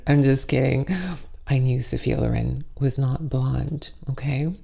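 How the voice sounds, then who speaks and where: A woman's voice: very deep voice, steady tone, unhurried, gravelly, dark tone. A woman in her thirties hosting a makeup channel, chatting casually and playfully, with jokey asides. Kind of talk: casual talking-head chat.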